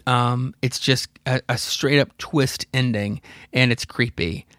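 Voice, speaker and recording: This thirty-something man runs a podcast, and here he casually walks through a comic's plot, wandering off track, dropping the odd swear word, and chuckling at his tangents. He talks slowly, with fairly even intonation and a somewhat bright tone at an everyday mid pitch. The recording is close-miked and dry, with no trace of the room.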